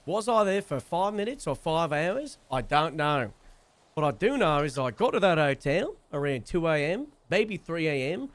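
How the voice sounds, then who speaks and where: Animated young man telling a story. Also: a little high, moderate pace, no echo. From Wales. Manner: animated, swears freely. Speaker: streamer. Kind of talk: casual storytelling.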